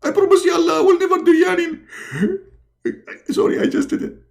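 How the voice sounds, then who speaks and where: A man putting on a shrill, frantic prophet. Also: fairly even intonation, normal speed, creaky. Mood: pleading. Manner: shrill, begging, repeating himself. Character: frantic pleading male prophet in a comic skit.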